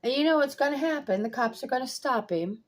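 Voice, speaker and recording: Her voice is high-pitched, expressive and brisk. An older woman, she rants in exasperation during a casual vlog from her home kitchen by the pool windows, speaking bluntly and swearing freely.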